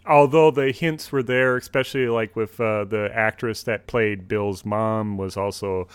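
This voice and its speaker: A man's voice: lowish voice, steady tone, a little slow, smooth, dry recording. An American man with a Minnesotan accent co-hosting a podcast in easygoing casual chat, laughing often. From Minnesota, United States. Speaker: podcast co-host.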